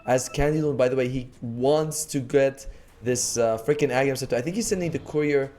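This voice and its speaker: A man's voice: mid-range voice, brisk, mellow, faint music behind. Joking male esports color commentator. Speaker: esports co-caster.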